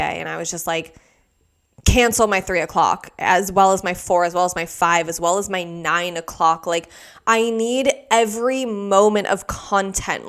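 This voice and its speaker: A young woman hosting a solo podcast, rambling casually with lots of "like" and dramatizing everyday mishaps. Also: medium pitch. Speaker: podcast host.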